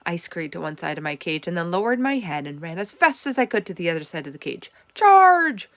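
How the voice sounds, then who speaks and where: A woman reading a children's chapter book aloud, with expressive, animated storytelling. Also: on the low side, fast talker, dry recording. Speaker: storybook reader.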